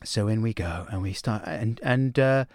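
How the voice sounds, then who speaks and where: A man's voice: lowish voice, normal speed, no room sound, clean studio sound. A man hosting a podcast, telling stories in a casual chat and acting out the quotes. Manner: animated storyteller, acts out quotes. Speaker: podcast host. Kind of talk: casual conversation.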